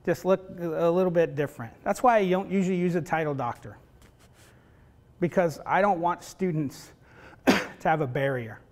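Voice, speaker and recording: A man's voice: fairly high pitch, normal speed. A middle-aged man lecturing a class in a conversational way, often asking "right?" and acting out family stories. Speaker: university professor teaching facilitators.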